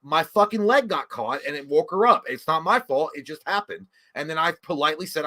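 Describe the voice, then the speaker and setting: A man co-hosting a podcast, telling a rowdy story in a profane, animated way and acting out what people said. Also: a little high, fairly quick, few pauses. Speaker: podcast co-host. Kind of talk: casual storytelling chat.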